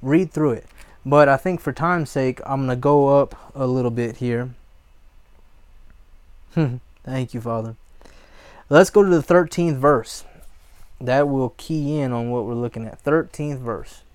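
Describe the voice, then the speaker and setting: A man's voice: medium pitch, measured pace, long pauses, clear, resonant tone, dry recording. A man preaching a sermon, reading scripture aloud, exhorting his listeners and breaking into short prayers.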